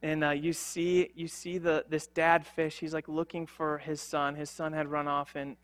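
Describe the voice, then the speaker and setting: Earnest young male preacher, high voice. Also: level tone, normal speed, a bit bright. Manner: earnest, conversational, with frequent fillers and restarts. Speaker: pastor. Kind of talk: sermon.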